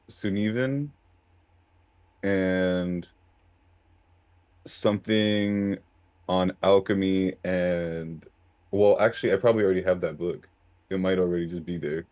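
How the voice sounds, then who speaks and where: A man's voice: low-pitched, a little mellow, no room sound. A man playing in a tabletop role-play, laid-back and a little hesitant. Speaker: player.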